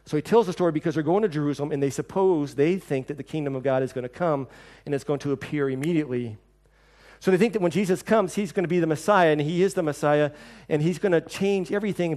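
Lively storytelling male pastor. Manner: storytelling, acts out quoted voices with lively shifts in pitch and level. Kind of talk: sermon.

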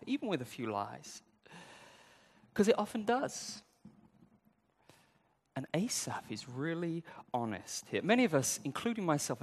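Male preacher, lively swooping delivery, playful with inner-voice asides, long hall reverb. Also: on the high side. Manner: animated, acts out people's inner voices with humor; speaks directly to the congregation. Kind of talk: sermon. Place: church sanctuary.

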